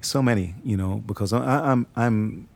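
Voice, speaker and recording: A man with a lowish, creaky voice is interviewed about his acting work. He talks casually but haltingly, restarting and repeating words, and demonstrates voices along the way.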